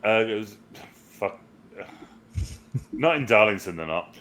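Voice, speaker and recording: A man's voice: on the low side, expressive, a little slow, a bit bright, poor audio. A man, co-hosting a casual movie review chat, swearing freely and joking around. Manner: sweary, banter-heavy. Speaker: podcast co-host.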